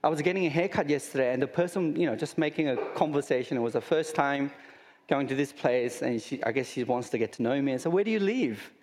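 A man's voice: medium pitch, fast talker, darkish tone, big-room sound, slight background noise. A man with an Australian accent preaching a sermon in a conversational way, with rhetorical questions and humorous asides. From Sydney, Australia. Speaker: pastor.

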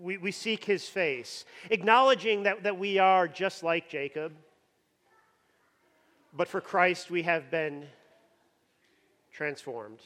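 A man's voice: sits high, slow, pauses often, fairly bright tone. A man preaching a sermon with emphasis, often repeating words as he builds up. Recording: long hall reverb.

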